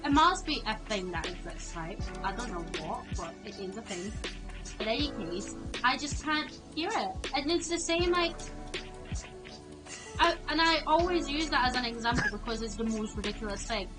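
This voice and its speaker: Woman, high voice, rambles and restarts a lot, music playing behind. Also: lively intonation, moderate pace, low-quality recording. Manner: rambling, self-interrupting. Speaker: co-op streamer. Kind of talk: casual gaming chat.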